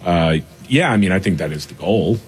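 A man with a very raspy, low voice co-hosts a casual talk show. He sounds relaxed and laughs easily between points. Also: moderate pace. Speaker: co-host. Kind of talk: casual talk radio chat.

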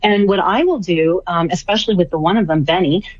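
A woman's voice: on the low side, fairly quick, husky, no echo, lo-fi sound. A woman guest on a radio talk show, speaking casually and enthusiastically, repeating phrases for emphasis. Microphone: remote line, traveling.

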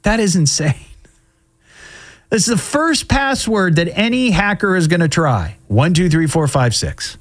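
A man's voice: sits high, sing-song, unhurried. A middle-aged man hosting a show, casually commenting on odd news stories with wry asides and frequent fillers. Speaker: host.

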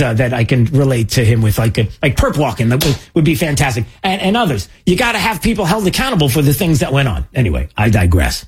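Sarcastic host, husky lively voice. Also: male voice, medium pitch. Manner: sarcastic, mocking asides, many fillers. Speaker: political commentary host. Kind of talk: conservative political commentary.

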